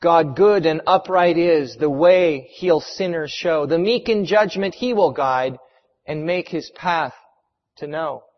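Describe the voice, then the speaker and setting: Man playing a young woman martyr, soft-spoken, quiet, calm, high voice, muffled echoing hall. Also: slow. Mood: prayerful. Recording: reverberant hall, muffled sound.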